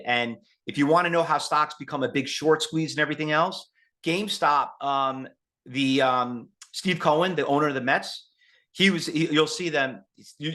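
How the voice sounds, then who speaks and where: A man teaching a live trading webinar in an animated, rambling way. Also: a little high. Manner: animated and rambling, acts out quotes. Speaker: trading educator.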